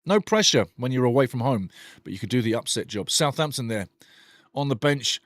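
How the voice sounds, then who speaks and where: A man's voice: mid-range voice, expressive, brisk, no echo, studio quality. A middle-aged man hosting a live football watch-along, opinionated, ranting and joking as he comments.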